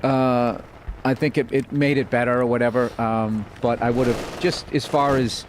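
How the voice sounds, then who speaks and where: A middle-pitched man chatting as a comedian guest, telling his story in a loose, rambling way with plenty of fillers. Clear background noise sits under the whole recording. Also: steady tone, normal speed. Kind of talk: casual interview chat. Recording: noisy background.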